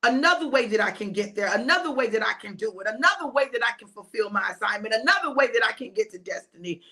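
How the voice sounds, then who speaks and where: Woman preacher, high voice, animated, emphatic sermon, occasional shouts. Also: fast. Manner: animated, emphatic, calls listeners "baby", bursts into shouts.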